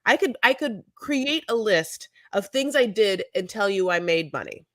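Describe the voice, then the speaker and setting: A woman's voice: mid-range voice, expressive, moderate pace, a bit bright, dry recording, studio quality. A woman in her forties co-hosting a podcast, chatting casually in a rambling, digressive way with frequent swearing. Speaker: podcast co-host. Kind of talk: casual chat.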